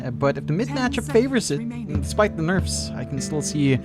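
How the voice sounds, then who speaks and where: A man's voice: fairly high pitch, big pitch swings, over loud music. A man from the Philippines casting an esports match, teasing and joking between draft calls. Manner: playful, teasing, quick to laugh. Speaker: esports caster.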